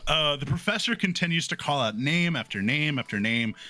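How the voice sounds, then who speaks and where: Animated man narrating a tabletop game. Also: fairly high pitch, fairly quick. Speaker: game master.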